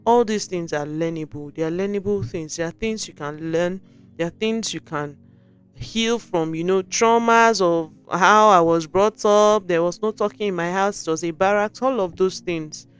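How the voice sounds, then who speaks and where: A woman's voice: on the low side, normal speed, clean tone, faint music behind. Nigerian woman giving relationship advice. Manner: animated, acts out sample dialogue, mixes in pidgin. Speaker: podcast host.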